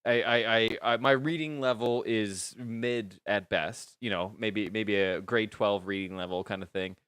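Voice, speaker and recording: A man's voice: on the low side, unhurried, fairly bright tone, clear, resonant tone, no echo. A man hosting a casual chat, earnest and rambling, laughing easily. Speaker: podcast host.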